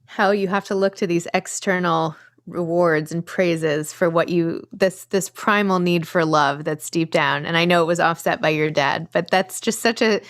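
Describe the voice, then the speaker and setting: A woman's voice: fairly low pitch, moderate pace. Chatty woman hosting an interview. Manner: chatty, lots of "like" and "you know". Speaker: host. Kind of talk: casual interview chat.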